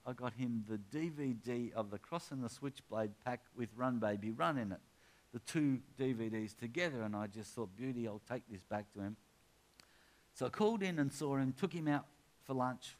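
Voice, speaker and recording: Man preaching a story-led sermon. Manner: conversational storytelling that builds to an impassioned, drawn-out preaching pitch.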